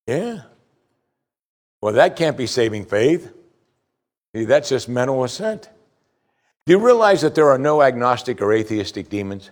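A man preaching a sermon, reading scripture aloud and explaining it with emphatic rises and quiet low asides. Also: very animated, unhurried, pauses often. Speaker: pastor.

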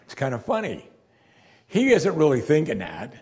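This man's voice sits on the high side, and his pace is measured. Preaching an expository sermon, he keeps things conversational and animated, sometimes playfully performing what the people in the story said.

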